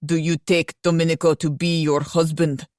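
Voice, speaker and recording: A woman voicing an older Russian man who officiates a wedding as judge, speaking slowly and formally in a thick Russian accent. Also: low-pitched, little pitch movement, darkish tone, no echo, studio quality, lightly acted.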